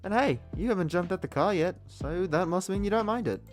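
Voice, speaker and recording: Man putting on a cheesy young date with a shaky British accent, raised pitch, teasing game character. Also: lively intonation, a little fast, faint music behind. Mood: cocky. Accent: attempted British. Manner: playful, cheesy, confident. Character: teasing cocky young male college date.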